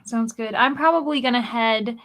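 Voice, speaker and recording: A woman's voice: a little high, moderate pace, fairly bright tone. A woman chatting casually with friends on a reading livestream. She chats easily and drops in short agreeing replies. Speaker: livestream co-host. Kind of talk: casual chat on a live reading sprint.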